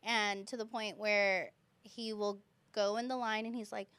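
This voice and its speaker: A young woman who teaches kindergarten, chatting casually as a podcast guest and telling stories with lively quoted voices. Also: mid-range voice, measured pace, smooth, no echo.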